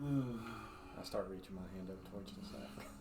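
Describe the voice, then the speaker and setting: A tabletop game player making dry, low-key remarks. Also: unhurried, background noise. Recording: roomy sound with background music.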